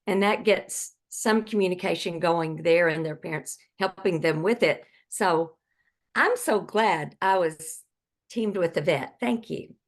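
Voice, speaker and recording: A woman's voice: fairly low pitch, a little slow. A woman who leads catechesis, sharing ideas in an online workshop over a video call, conversational, often repeating words. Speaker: catechetical leader.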